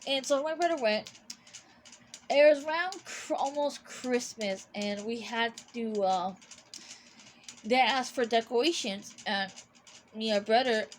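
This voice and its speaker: A woman's voice: fairly high pitch, slight background noise. A young woman telling a personal story in a casual, rambling way, with many restarts and fillers. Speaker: vlogger.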